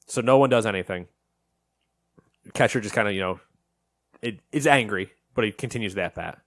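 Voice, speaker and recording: A man co-hosting a casual podcast chat, telling a story in an animated way and acting out what people said. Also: fairly low pitch, fairly quick, no echo. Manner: animated storytelling, acts out quotes. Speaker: podcast co-host.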